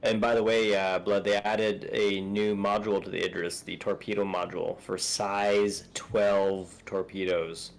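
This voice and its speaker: A man's voice: on the low side, little pitch movement, measured pace, gravelly, few pauses, rough recording. A man chatting casually while playing a space game with friends, laid-back and full of fillers. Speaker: streamer. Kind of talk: casual gaming chat.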